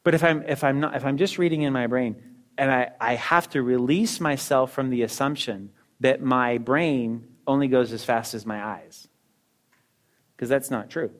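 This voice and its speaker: A middle-aged man teaching in a casual, conversational way, talking about reading books and speaking straight to his listeners with quick asides and rhetorical questions. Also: medium pitch. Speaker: teacher discussing a book on reading.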